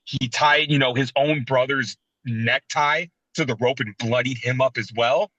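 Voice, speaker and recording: An animated man in his thirties tells sentimental stories on a casual podcast. His voice is bright and forceful, and it comes through dry and a little dull. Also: mid-range voice, unhurried, no room sound. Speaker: podcast co-host. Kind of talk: casual wrestling podcast chat.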